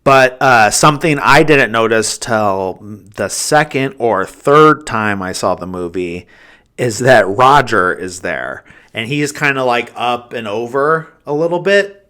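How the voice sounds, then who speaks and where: A man hosting a podcast, recapping a film in a rambling, casual way, full of fillers and quick chuckles. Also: medium pitch. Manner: rambling, heavy use of "like" and fillers; animated retelling of scenes, chuckling. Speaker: podcast host. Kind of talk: casual film review chat.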